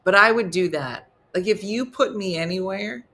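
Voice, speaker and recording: Bright-voiced New Jersey woman teasing viewers. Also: medium pitch, moderate pace. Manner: playful teasing, mock-disgusted reactions. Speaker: comedy morning show host. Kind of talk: casual livestream chat reading viewer comments.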